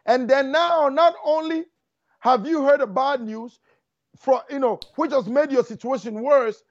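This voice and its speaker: A man preaching a fervent sermon, talking fast and repeating lines for emphasis. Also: very high-pitched, no room sound. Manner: fast, rushing delivery. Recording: dull lo-fi dry recording.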